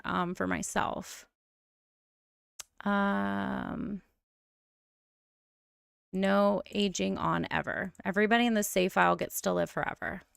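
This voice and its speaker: A young woman chats loosely as she streams a life-sim game, laughing easily and rambling from one thought to the next. Her voice has a gravelly, fry-tinged edge, and it sits close and dry with no room sound. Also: medium pitch, no echo. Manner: chatty, rambling, laughs often. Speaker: gaming streamer. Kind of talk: casual live stream chat.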